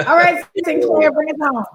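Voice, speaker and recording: A woman's voice: high voice, creaky, slight background noise. A woman moderating a video call panel, encouraging and handing the floor to each speaker. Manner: warm, encouraging, hands the floor over.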